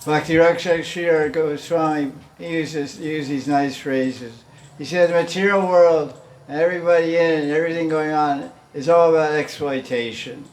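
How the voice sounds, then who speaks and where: This spiritual teacher speaks at a moderate pace in a steady, high-leaning voice. His devotional class feels informal, and he frequently chuckles while acting out quoted pleas.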